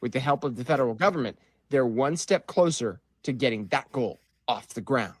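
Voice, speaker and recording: A man reporting for a TV news broadcast in a measured reporter delivery. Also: mid-range voice, animated, husky.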